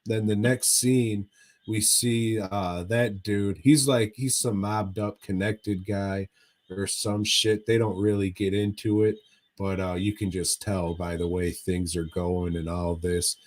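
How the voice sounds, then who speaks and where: A man's voice: lowish voice, level tone, unhurried. A man co-hosting a podcast, recapping a movie in casual chat as a profane, rambling storyteller. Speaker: podcast co-host.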